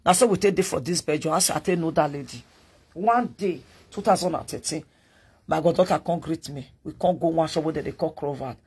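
A woman's voice: deep voice, brisk, a little mellow, breathy edge. A woman with a Nigerian accent hosting a live stream, telling a family story to her viewers in casual, chatty talk that drifts between Pidgin and English.

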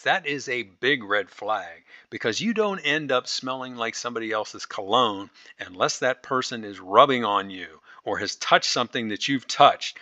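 A man reads a listener's story aloud in a lively voice that swings up and down, and he keeps stopping to add his own asides. His tone is bright and forward. The recording is dry and a little dull, as if made on a lo-fi close mic. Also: mid-range voice, dry recording. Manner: animated storytelling, breaks in with asides. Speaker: story reader and commentator.

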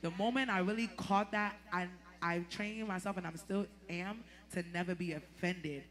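A woman giving a lively, laughing testimony before a church congregation. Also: lowish voice, normal speed. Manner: animated, laughing storyteller, turns emotional. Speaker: church member giving a tribute.

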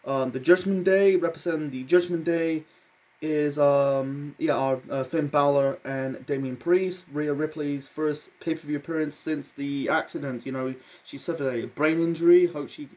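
A man's voice: fairly high pitch, steady tone, moderate pace, a little mellow. A man giving a casual solo review of a wrestling event, rambling with many fillers and restarts, blunt and offhand.

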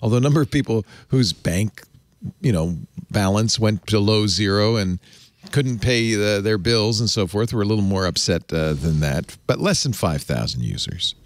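A man's voice: fairly low pitch, moderate pace, no room sound. A man hosting a casual tech talk show, joking with guests and reading out news and sponsor copy. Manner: lively, joking, reads ad copy. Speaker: podcast host. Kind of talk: casual tech panel chat.

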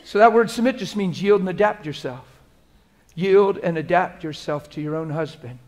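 A man with a notably high voice delivers a sermon as a preacher. He talks in a casual, emphatic way, repeats phrases for effect, and moves between loud exhortation and quiet, prayerful speech. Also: moderate pace.

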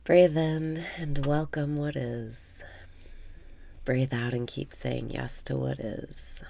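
A woman leading a guided meditation with calm breath cues, often dropping into a half whisper. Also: rumbling low, takes it slowly, creaky.

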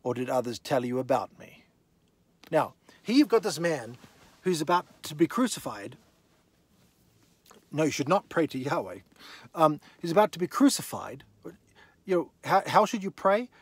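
A man teaching from the Bible in a lively, conversational way, with a voice that sits a bit high and swings widely in pitch. He keeps throwing rhetorical questions straight at the listener. The recording is close and dry. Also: normal speed, long pauses, husky, no room sound.

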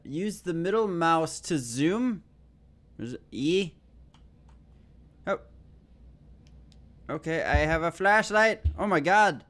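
A man's voice: a little high, animated, slow, pauses often, a bit bright. A young man commentating a horror game as he plays, swearing often and joking nervously. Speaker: gaming YouTuber.

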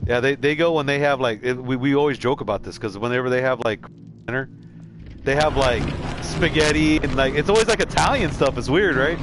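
A man's voice: mid-range voice, brisk, background noise. Man, streamer, rambling stories, cursing, casual gaming chat. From San Antonio, Texas. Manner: rambling storyteller, swears a lot.

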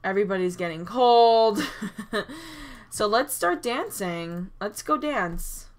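A woman giving chatty, excitable commentary over a life-sim game, recorded on a desk mic at her computer. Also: mid-range voice, slow pace. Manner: chatty and excitable, frequent "oh my gosh" and small gasps. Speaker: gaming YouTuber. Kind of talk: casual gameplay commentary.

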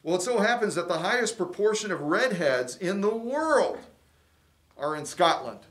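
A man's voice: high voice, big pitch swings, moderate pace, fairly bright tone. A middle-aged man hosting a fundraiser livestream, chatty and folksy, rambling through trivia in a casual way. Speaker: fundraiser host.

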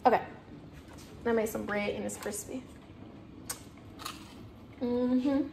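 A woman's voice: fairly high pitch, steady tone, slow, gravelly, dark tone, echoey room, slight background noise. A young woman from Germany chatting bluntly to her viewers while she cooks at home. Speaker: vlogger. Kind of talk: casual vlog chat while cooking. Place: home kitchen.

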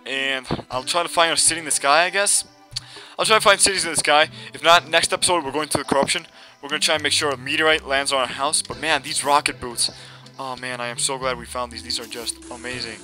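A young man giving casual, excitable commentary over his own gameplay, laughing often and talking back to enemies on screen, with game music playing behind him. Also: mid-range voice, fast talker. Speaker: gameplay video host. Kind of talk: casual let's-play commentary.

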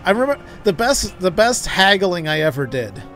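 A man's voice: high voice, sing-song, normal speed, fairly bright tone, soft background music. A man streaming a game, telling a long story in a rambling way with many restarts. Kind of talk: casual gameplay commentary.

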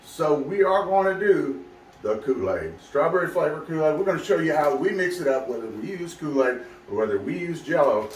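Hosting a laid-back fishing how-to video, this man talks to his viewers in a chatty, folksy way. His voice is slightly high and animated, at a moderate pace. A helper films him on a camera mic, and there's a faint hiss or hum.

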